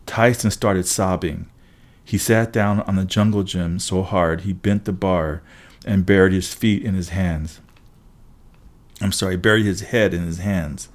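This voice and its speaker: A man reading a first-person story aloud as an audiobook narrator, steady with wry asides. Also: low-pitched, unhurried.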